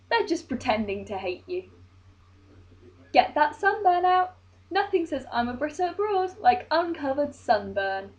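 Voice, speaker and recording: Sarcastic high-voiced woman vlogger. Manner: sarcastic, mock-earnest advice. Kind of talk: satirical vlog. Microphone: built-in laptop webcam mic.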